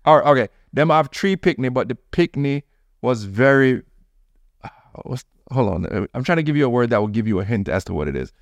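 A man's voice: medium pitch, expressive, a little fast, no room sound. A man from Jamaica co-hosting a podcast, chatting casually in a playful, teasing way. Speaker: podcast co-host. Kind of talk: casual chat.

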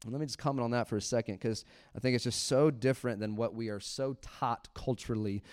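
A man preaching a sermon in church, animated, laughing often and acting out little quotes. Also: medium pitch, quick pace. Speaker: pastor.

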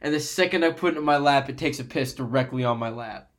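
A man's voice: mid-range voice, fast. A young man in casual podcast chat, telling rambling, sweary stories and laughing often, recorded on a computer microphone. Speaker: podcast co-host.

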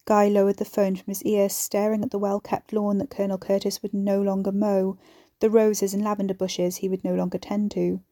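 Woman, horror audiobook narration, mellow voice, dry close sound. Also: mid-range voice, completely flat delivery, brisk, dry recording.

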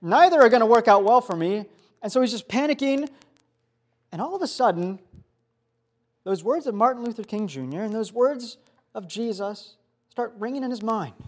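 A young man giving a youth sermon, telling a story in a casual, animated way full of fillers. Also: high-pitched, moderate pace, pauses often. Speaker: youth pastor.

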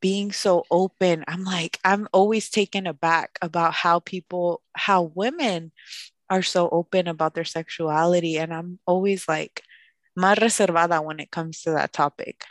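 A woman speaks in a lowish voice, sharing a personal story candidly on a podcast. Her delivery is emotional and open, and she drops phrases into her English. The recording is dry and close, with no room sound. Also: steady tone, moderate pace, no room sound. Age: late 20s. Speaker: podcast co-host.

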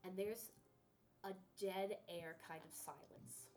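A woman's voice: on the low side, steady tone, slow pace, darkish tone. A woman narrating as game master of a tabletop game, casual and profane, laughing often.

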